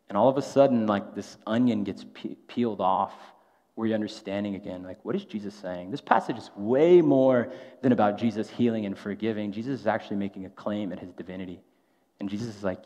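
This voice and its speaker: A man's voice: fairly low pitch, normal speed, darkish tone. Man preaching in an echoing hall. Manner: conversational, frequent rhetorical "right?". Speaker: pastor. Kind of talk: sermon. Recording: long hall reverb, dull lo-fi sound.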